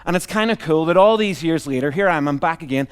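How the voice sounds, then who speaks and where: Middle-aged Northern Irish preacher, mixed accent, clear resonant voice a touch high, self-deprecating humor. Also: male voice, expressive, fast talker. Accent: Northern Irish, mixed with Canadian and Australian. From Northern Ireland. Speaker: visiting pastor. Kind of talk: sermon.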